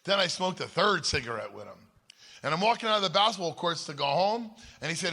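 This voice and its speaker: A man's voice: high voice, expressive, fast talker, vocal fry, pushed and bright. A man speaking at a church conference, telling his own story in an emphatic, conversational way and often checking in with the crowd. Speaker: guest speaker. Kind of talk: personal story told from a stage. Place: large hall at a church conference. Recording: long reverb of a large hall.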